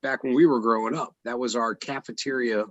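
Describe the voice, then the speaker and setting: A man's voice: medium pitch, steady tone, a little fast, a bit bright, no room sound, muffled recording. A man in casual chat, joking and bantering animatedly.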